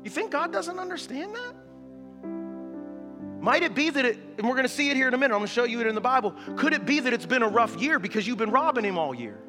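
A man preaching a sermon as a pastor, building to loud, impassioned exhortation. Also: animated, very fast, few pauses. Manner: preaching that swells to loud high-pitched exhortation. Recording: echoey hall with music behind.

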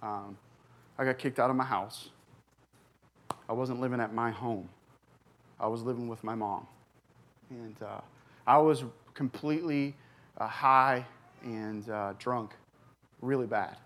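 A man in his forties, a recovery pastor, telling his personal story from a church stage, earnest and halting with many fillers and restarts. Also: medium pitch, fairly bright tone. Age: 40s.

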